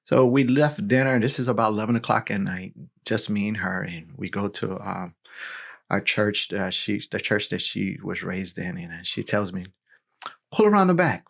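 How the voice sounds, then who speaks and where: A man in his forties, a pastor, telling his personal testimony in a lively storytelling way, full of "you know" and "right?". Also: fairly low pitch, normal speed, creaky. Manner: animated storytelling with filler words.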